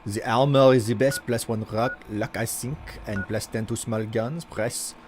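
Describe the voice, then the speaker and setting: A man's voice: mid-range voice, fairly even intonation, unhurried, a little hiss or hum. A man streaming a video game and commenting on it in a put-on French-German accent, speaking in a stiff, formal, playful way. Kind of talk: casual gameplay commentary.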